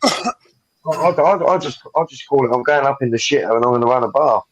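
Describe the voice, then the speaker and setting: A man with a Southern English accent from Kent, rambling excitedly and tripping over his words in casual chat. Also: medium pitch, fast, rough recording. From Kent, England. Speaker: gamer chatting with friends.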